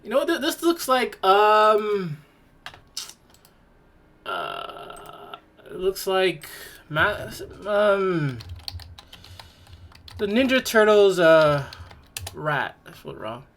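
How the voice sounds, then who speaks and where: A woman's voice: medium pitch, wildly swooping pitch, drawn-out words, pauses often. A woman hosting a podcast, giving casual reaction commentary in a mocking, exclaiming way and laughing in disgust. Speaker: podcast host.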